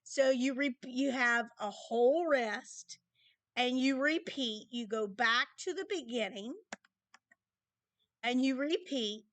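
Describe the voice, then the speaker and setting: A woman's voice: sits high, slow, a bit bright, dry recording. A woman teaching a recorded music lesson to children, patiently explaining rhythms and counting them aloud.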